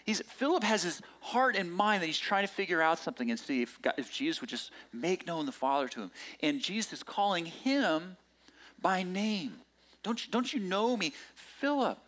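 A man preaching a sermon in a conversational, animated way. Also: sits high, moderate pace. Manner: conversational and animated, acting out quoted lines. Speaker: pastor.

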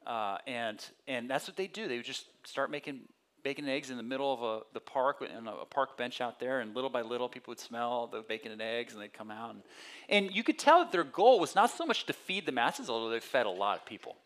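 A male pastor giving a conversational sermon, telling personal stories and acting out voices with lively energy. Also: medium pitch, a little fast. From California. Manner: conversational storytelling with animated quoted voices.

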